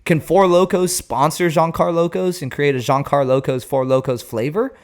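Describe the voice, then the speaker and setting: Animated, jokey male baseball host. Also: fairly high pitch, normal speed. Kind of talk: casual baseball commentary.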